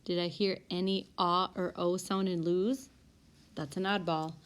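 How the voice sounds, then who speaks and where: A woman's voice: on the low side, steady tone. A woman teacher going through spelling word lists and sorting them by sound. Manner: reads word lists slowly and clearly. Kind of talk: recorded spelling lesson. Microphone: tablet.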